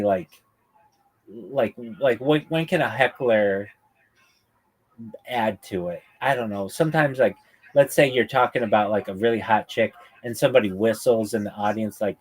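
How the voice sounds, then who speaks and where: A man hosting a livestream, chatting casually about stand-up comedy, rambling with many fillers and acting out crude comebacks. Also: mid-range voice. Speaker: livestream host.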